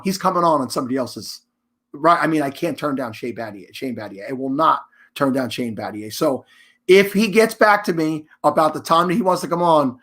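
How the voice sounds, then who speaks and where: A man hosting a live charity stream, chatty and emphatic, giving casual announcements with frequent restarts and shout-outs. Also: fairly high pitch.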